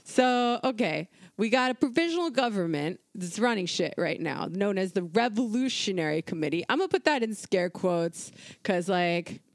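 A woman's voice: mid-range voice, big pitch swings, normal speed, few pauses, no echo. Irreverent, profane woman chatting casually. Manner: irreverent, profane, conversational, many fillers. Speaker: podcast co-host. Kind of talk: casual history podcast chat.

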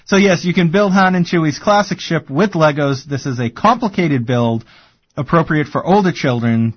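A man's voice: a little high, lively intonation, moderate pace, husky, no room sound. A man with a Boston accent hosting a radio show, chatty and rambling with plenty of fillers and laughs. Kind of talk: casual radio chat. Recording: dull lo-fi radio broadcast.

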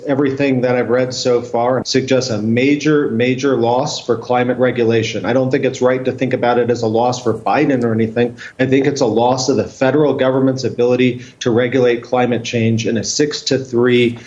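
A man's voice: mid-range voice, level tone, brisk, hardly any pauses, a little mellow. A man giving urgent, precise legal commentary in a news clip. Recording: dull lo-fi broadcast audio.

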